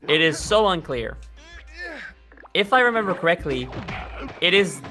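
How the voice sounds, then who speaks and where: A man's voice: high-pitched, lively intonation, a little slow, pushed and bright. A man streaming a game, chatting casually in a rambling way and swearing freely. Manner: rambling, swears freely, trails off mid-thought. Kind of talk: casual chat over gameplay. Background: game music.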